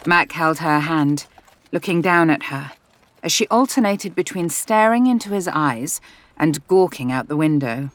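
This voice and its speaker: An audiobook narrator reading a romance novel in an even, measured storytelling voice. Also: medium pitch, no echo.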